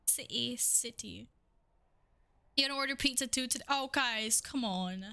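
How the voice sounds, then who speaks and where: A woman's voice: a little high, normal speed, vocal fry, bright, forceful tone, clean tone, no room sound. A young woman streaming a game, chatting casually with her viewers, playful, swearing freely and laughing often. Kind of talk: casual live-stream chat.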